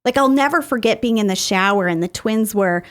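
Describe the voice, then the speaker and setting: A woman's voice: mid-range voice, a little fast. A middle-aged woman speaking as a therapist guest on a podcast interview, explaining her ideas through everyday family examples.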